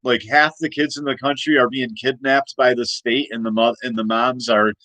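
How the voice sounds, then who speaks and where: A man's voice: mid-range voice, fairly even intonation, normal speed, pushed and bright, dry recording, close to an everyday voice. A man voicing an indignant founding-father general who scolds and scorns in a raised, incredulous voice.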